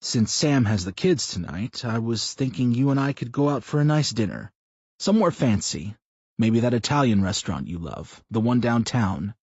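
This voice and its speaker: A man's voice: medium pitch, expressive, moderate pace, a little mellow, slightly rough, dry recording. A man voicing an earnest, affectionate middle-aged husband who speaks hesitantly, in a slightly muffled recording. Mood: casual.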